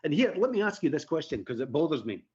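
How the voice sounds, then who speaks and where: A man who learned the Queen's English talks as a firearms instructor on a live podcast, chatty and rambling with easy laughs. His voice is husky and the stream audio sounds dull. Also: on the high side, sing-song, fast, darkish tone. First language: British English. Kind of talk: casual live podcast chat.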